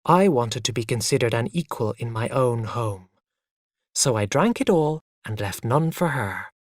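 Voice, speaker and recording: Slow, lively-voiced male story reader. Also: medium pitch, no room sound, clean studio sound. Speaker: narrator. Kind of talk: slow story reading for learners.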